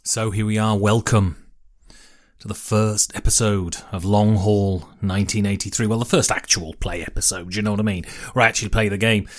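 A man's voice: fairly low pitch, fairly even intonation, moderate pace. A man hosting a solo tabletop game podcast, chatty and a little nervous, often restarting his sentences. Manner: chatty, slightly nervous, repeats himself. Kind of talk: casual podcast narration.

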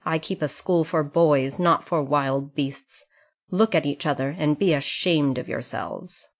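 A stern fatherly schoolmaster, voiced by a woman reading a storybook aloud. He speaks in a low, firm, measured way, laying down the rules without raising his voice much. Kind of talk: audiobook character reading.

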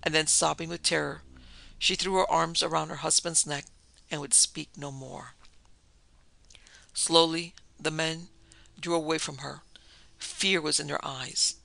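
A man narrating a dark tale in a vivid, dramatic storybook reading. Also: fairly high pitch, steady tone, measured pace, creaky, pauses often, dry recording.

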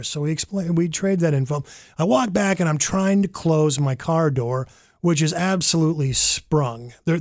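Animated man telling a story. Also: fairly high pitch, no room sound, studio quality. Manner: animated, rambling, with fillers and self-corrections. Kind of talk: casual personal anecdote.

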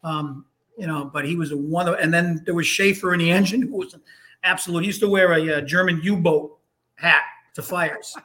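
A man's voice: on the high side, steady tone, brisk, pushed and bright. A man from Hartford, Connecticut, telling rambling firehouse stories in a casual chat, full of restarts and blunt, salty talk. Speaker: guest, firefighter. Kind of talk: casual storytelling.

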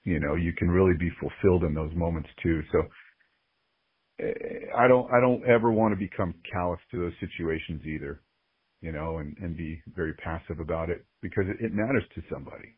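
A man's voice: low-pitched, fairly quick, slightly rough, no room sound. A man speaking as a podcast guest, earnest and openly emotional as he reflects candidly on his life. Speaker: guest, sports ring announcer. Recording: phone-like narrow-band audio.

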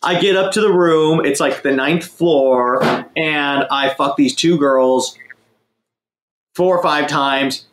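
Slow and fairly high-pitched, this young man's slightly bright voice echoes as he spins a rambling, vulgar tale in a relaxed chat. Profanity runs throughout, and he keeps mocking himself.

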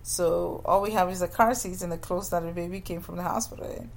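A woman who runs a childcare business, casually telling a story in an animated way and acting out the people she quotes. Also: fairly quick, vocal fry. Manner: animated, acts out quoted people with jumps in pitch.

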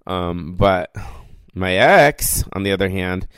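A man's voice: sits low, expressive, slow, a bit bright, clean tone, dry recording. Rambling, foul-mouthed male podcast host. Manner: rambling, profane, lots of fillers. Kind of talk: casual solo rant. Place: recorded alone without producers.

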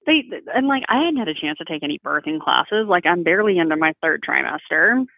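A woman's voice: low voice, expressive, a little fast, creaky, dry recording. A woman from the South, talking frankly and bluntly, swearing freely as a guest in a casual chat. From Southern United States. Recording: phone-like narrow sound.

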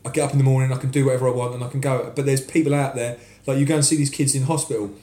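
A man's voice: mid-range voice, very fast. British guy in his 40s rambling through stories, lots of restarts, echoey room. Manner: animated storyteller, restarts often. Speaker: podcast guest, cosplayer. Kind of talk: casual chat. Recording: roomy echo.

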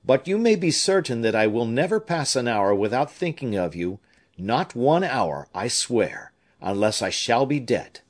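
A man's voice: mid-range voice, sing-song, unhurried. A man voicing a devoted young nobleman who speaks fervently and with emotion. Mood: earnest.

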